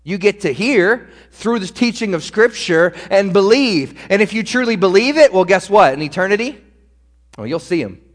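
A long hall reverb surrounds this recording of a male pastor with a high, animated voice. Moving at a moderate pace, he preaches earnestly and directly, speaking right to his congregation.

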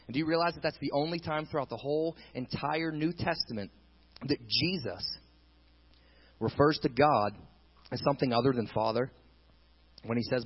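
Male pastor, fairly high husky voice, preaches with dramatic swells and quiet drops, muffled lo-fi sound. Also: brisk, long pauses. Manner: dramatic preaching, rising loud and falling quiet. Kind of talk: sermon.

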